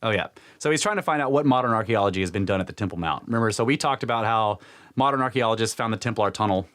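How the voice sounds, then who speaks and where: A low-voiced man telling a story in casual podcast chat. He jumps up in pitch whenever he acts out the people in the story, and he often breaks into laughter. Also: rapid-fire, a bit bright. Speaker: podcast co-host retelling a book.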